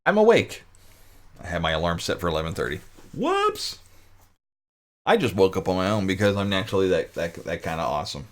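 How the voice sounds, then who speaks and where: A man's voice: low voice, sing-song, fast, slight background noise. A man hosting his own live-stream talk show, chatting casually with viewers, full of restarts and jokey asides.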